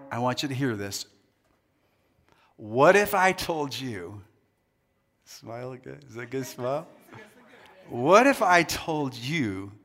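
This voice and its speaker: A male pastor with a mid-range, slightly bright voice preaches in a church hall to a live congregation. He jokes around and draws the listeners into call-and-response before shifting into a more earnest tone.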